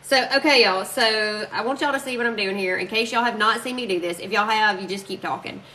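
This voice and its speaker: A woman's voice: medium pitch, a little fast, pushed and bright, a little hiss or hum. A woman from Alabama with a Southern accent, chatting casually with viewers while she crafts on a live stream, laughing often and reading out their comments. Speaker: crafting livestream host.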